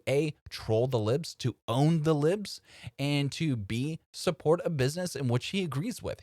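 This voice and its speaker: Man host, lively up-and-down delivery, casual commentary, dry close sound. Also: fairly high pitch, no echo. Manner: animated and conversational, addressing viewers as folks. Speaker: host of a political commentary channel.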